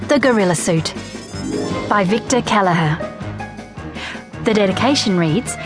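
A woman narrates a children's audiobook with lively, expressive storytelling over loud music. Her mid-range voice moves at normal speed, broken by long pauses.

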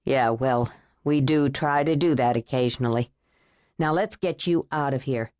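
A woman reading an audiobook voices a steady male agent who talks a shaken man down with soothing words. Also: rumbling low, normal speed, no room sound, pitched below the performer's own voice. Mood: wry. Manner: soothing, even and dry-humored. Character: calm male federal agent, steady and reassuring. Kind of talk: audiobook character voice.

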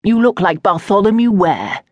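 Lady doing a cranky posh dad, a viscount, slightly low and breathy, dry close mic. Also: very animated, normal speed, no echo, lo-fi sound. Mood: exasperated. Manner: exasperated, imperious and fussy. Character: irritable, prudish aristocratic father, middle-aged viscount. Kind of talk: audiobook character voice.

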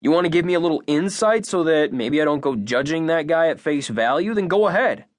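A man voicing a fiery, guarded young woman with a sharp, sarcastic edge in an audiobook. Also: on the high side, lively intonation, brisk, dry recording, voice pushed up, natural voice.

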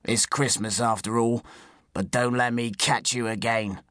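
Brief: narrator putting on a sneering forester, barks orders, dry close sound. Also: male voice, medium pitch, steady tone, a little slow, fairly bright tone, dry recording, lightly acted. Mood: scornful. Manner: taunting, barking orders. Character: gruff stocky male forester, spiteful.

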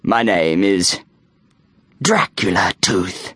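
A man voicing a schoolboy who pretends to be a vampire, talking slow, deep and mock-mysterious. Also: expressive, a bit bright, breathy edge, no echo, clean studio sound, heavily acted. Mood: hissing. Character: schoolboy playing a vampire, solemn and theatrical.

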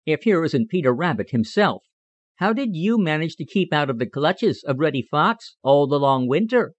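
A man putting on a sharp, scolding little wren. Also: fairly high pitch, sing-song, no echo, dull audio. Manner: brisk, teasing, lecturing. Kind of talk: audiobook character reading.

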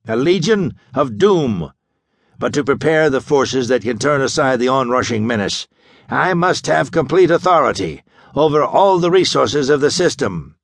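A man narrating an audiobook and voicing a gaunt, menacing male mastermind with a deep, harsh, rasping voice and grandiose commanding speech. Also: expressive, moderate pace, no room sound, studio quality.

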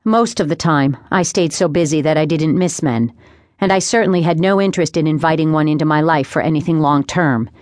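A young woman reading a first-person audiobook in a measured, wry storytelling manner. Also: deep voice, darkish tone, no room sound. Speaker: audiobook narrator. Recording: dry close studio sound.

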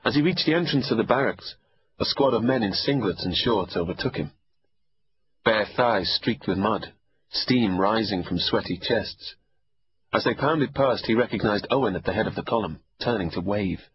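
Brief: male audiobook narrator, measured, low husky voice, dull lo-fi sound. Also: animated. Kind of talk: scripted narration.

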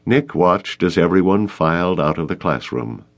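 A man narrating an audiobook of a short story with expressive storytelling. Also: low-pitched, normal speed. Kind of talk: scripted narration.

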